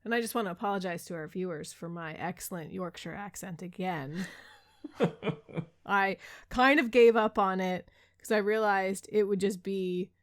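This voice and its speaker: Giggly woman cohost, casual book chat, average pitch. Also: moderate pace. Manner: chatty and giggly, jokes around. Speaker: podcast co-host.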